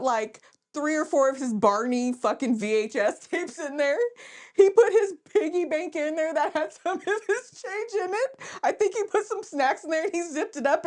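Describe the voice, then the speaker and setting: High-voiced woman, swearing, laughing storyteller. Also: darkish tone. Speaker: podcast co-host. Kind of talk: casual podcast chat.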